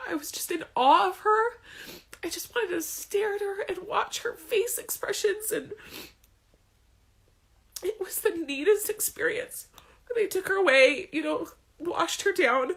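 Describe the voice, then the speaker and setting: A woman's voice: sits high, a little slow, a bit bright. A woman in her thirties candidly telling a personal story to camera, chatty and emotional, laughing between sentences. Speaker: vlogger.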